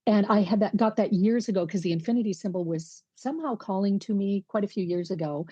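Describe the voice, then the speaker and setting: A woman's voice: medium pitch, fast, mellow, slightly rough, dry recording, lo-fi sound. A woman co-hosting a podcast, asking questions and giving frequent affirming interjections in casual chat. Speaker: podcast co-host.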